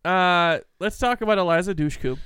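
Radio show guy joking around, kinda high voice, super dry sound. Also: fairly bright tone, clean tone, dry recording. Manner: joking, loose, talks in quick bursts. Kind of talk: casual radio banter.

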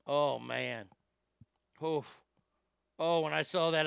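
Gravelly, bright-voiced man ranting brashly. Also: fairly high pitch, takes it slowly, pauses often, dry recording, studio quality. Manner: brash, swaggering, heavy swearing. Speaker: commentary show host. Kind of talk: profane comedic rant.

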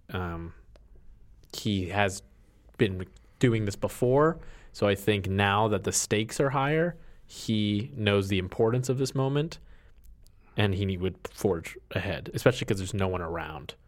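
A man's voice: low-pitched, normal speed. A man playing a tabletop role-playing game, thinking aloud and explaining his character's choices with hesitant restarts. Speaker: player. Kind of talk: casual tabletop game talk.

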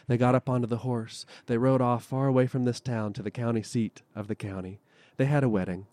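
Performing live at a festival, the storyteller, a man with a medium-pitched voice, recounts a folk tale with energy and expression, punctuated by dramatic pauses, all captured in a dry recording.

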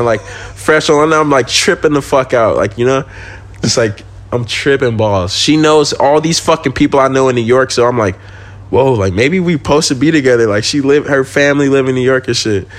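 A young man telling a story on a podcast in loose street slang, cursing and laughing as he goes. His voice sits in an ordinary middle pitch and he speaks casually. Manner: slangy, swearing, laughs while telling stories. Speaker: podcast guest.

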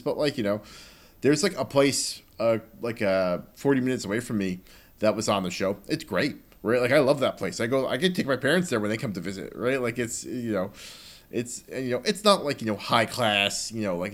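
A man in casual podcast chat, relaxed and easygoing, full of fillers. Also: medium pitch. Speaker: podcast co-host.

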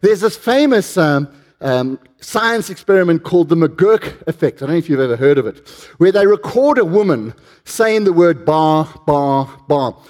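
A man's voice: fairly high pitch, sing-song, moderate pace, a little mellow. A man preaching a sermon, telling stories with animation and putting questions to the congregation.

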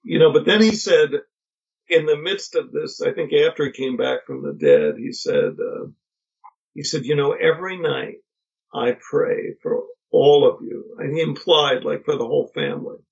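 A middle-aged man, a podcast guest, telling family stories in a reflective, halting way with many pauses and restarts. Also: fairly high pitch, very animated, creaky, slightly rough. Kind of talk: casual conversation. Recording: dull lo-fi podcast audio.

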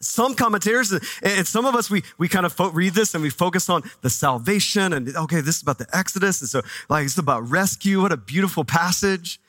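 A man preaching a sermon as pastor, conversational and animated, dropping low and soft for reverent moments. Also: quick pace, few pauses, no room sound. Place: church.

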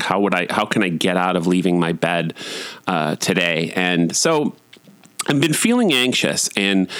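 A man's voice: low voice, a bit bright, dry recording. A man hosting a podcast, talking candidly in a personal monologue, self-deprecating and loose, with frequent fillers and restarts. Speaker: podcast host.

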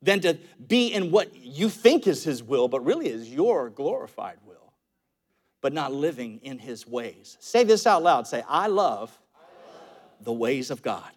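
A male pastor delivering an animated sermon, telling humorous stories and calling the congregation to repeat lines after him. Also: a little high, a little slow. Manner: tells stories with humor and chuckles.

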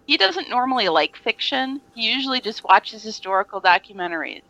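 A woman co-hosting a casual movie chat in a lively, bantering way. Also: on the high side, brisk, no room sound, lo-fi sound. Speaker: podcast co-host.

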